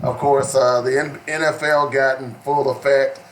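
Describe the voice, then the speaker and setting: A man's voice: mid-range voice, level tone, moderate pace, slight background noise. A man hosting a talk radio show, joking around and laughing often between stories. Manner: joking, laughs often, playful put-on drawl. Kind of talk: casual talk radio banter.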